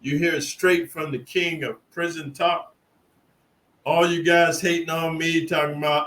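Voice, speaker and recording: A man's voice: fairly high pitch, fairly even intonation, normal speed, sharp tone, poor audio. A middle-aged man from California telling prison stories in a boastful, rambling, streetwise monologue. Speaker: prison storyteller. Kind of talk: casual profane monologue.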